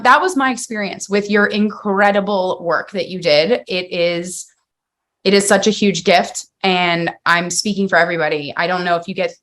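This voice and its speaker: A woman's voice: fairly low pitch, a bit bright. A woman in her thirties hosting a podcast, telling a personal story in a heartfelt, rambling way with many fillers and restarts. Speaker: podcast host. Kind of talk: casual podcast conversation.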